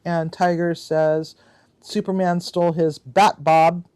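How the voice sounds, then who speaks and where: A woman's voice: lowish voice, little pitch movement, takes it slowly, dark tone, clear, resonant tone. A woman hosting a casual livestream card game, reading out players' answers with chatty asides and frequent laughter. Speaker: livestream host.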